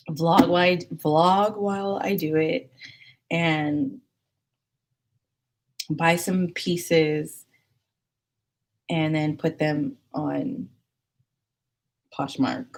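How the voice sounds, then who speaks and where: A woman's voice: deep voice, fairly even intonation, extremely slow, pauses often. A young woman hosting a casual livestream, chatting with viewers and reading their comments, with laughs and whispered asides. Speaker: livestream host.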